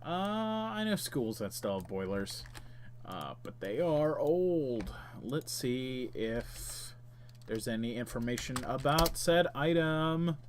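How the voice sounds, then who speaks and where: A man's voice: mid-range voice, lively intonation, slow, slight background noise. A man hosting a game stream, chatting casually and reading the game's text aloud while muttering to himself as he plays.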